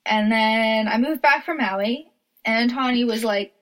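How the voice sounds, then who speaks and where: With a fairly high pitch and a slightly slow pace, this podcast co-host chats casually and giggles often, laughing partway through her sentences.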